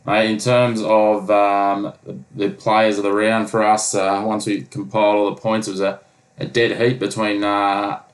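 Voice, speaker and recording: Male podcast co-host, low and even, rambling with fillers. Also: unhurried, low-quality recording. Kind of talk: casual sports chat.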